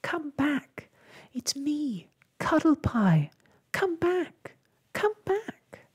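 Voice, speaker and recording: A reader voicing a small excited gum-nut baby boy in a whispered role-play, with high, pleading calls. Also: takes it slowly, slightly rough, heavily acted. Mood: desperate.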